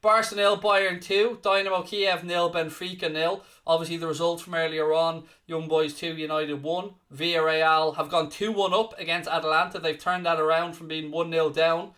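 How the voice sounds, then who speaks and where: Bright-voiced, teasing Irish man. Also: a little high, level tone, normal speed, few pauses. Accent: Irish, from Dublin area. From Ireland. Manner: teasing, mock-scolding replies to viewer comments; rattles off scores like a presenter. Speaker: watchalong host. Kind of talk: live-stream football watchalong chat.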